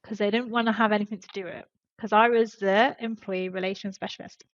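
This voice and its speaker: A woman's voice: medium pitch, steady tone, quick pace, dry recording, muffled recording. A woman, a podcast guest and former HR specialist, telling an earnest and emotional story in casual conversation.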